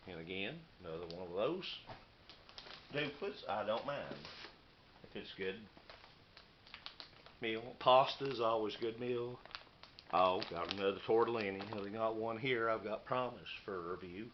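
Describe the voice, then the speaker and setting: A man, rambling casually and hurrying through his unboxing vlog. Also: lowish voice. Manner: folksy, rambling, hurried. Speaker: YouTuber showing knives and meal kits. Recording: muffled lo-fi camera audio with noise.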